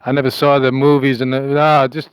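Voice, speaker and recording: A man delivering a rambling, halting comic audio message in a put-on accent, with a conspiratorial, self-amused manner. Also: medium pitch, little pitch movement, clean tone, no room sound, rough recording. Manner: putting on an unplaced accent. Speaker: comic monologuist.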